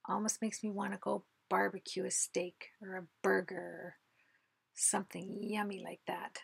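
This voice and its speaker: A woman hosting a card-making tutorial, chatting casually as she works and often dropping into a soft half-whisper. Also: mid-range voice, level tone, normal speed, dry recording. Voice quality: husky, creaky voice. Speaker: craft video host. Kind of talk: casual craft tutorial narration.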